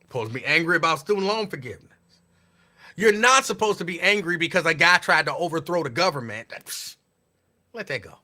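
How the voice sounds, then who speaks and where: A man, talking as a host in casual, sarcastic commentary. His voice is high and very bright. He swings his pitch widely as he repeats his points like a sermon. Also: expressive, fast. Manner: preachy, repetitive, sarcastic.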